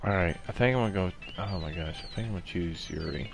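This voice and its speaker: A man's voice: deep voice, fast talker, vocal fry, noisy background. A man doing let's-play commentary on a visual novel, flustered and swearing, repeating hello as his home mic keeps cutting out. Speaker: gamer playing a visual novel.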